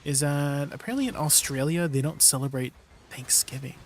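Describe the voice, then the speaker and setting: A man's voice: a little high, fairly quick, slight background noise. Laid-back man chatting on a game stream. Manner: laid-back, chatty, greets viewers and answers chat. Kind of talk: casual live-stream chat.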